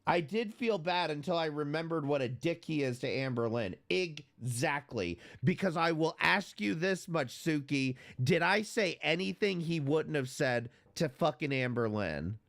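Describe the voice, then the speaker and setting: A man's voice: on the high side, expressive, a little slow, creaky, hardly any pauses, a bit bright. A man hosting a reaction commentary show, blunt and mocking, swearing often. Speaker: commentary host.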